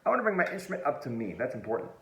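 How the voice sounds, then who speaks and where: Man, middle-aged band teacher, fast and bouncy, playful, echoey room. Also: mid-range voice, sing-song, fairly bright tone. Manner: upbeat, playful, talks straight to the viewer. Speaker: music teacher. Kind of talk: online music lesson for kids. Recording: roomy echo.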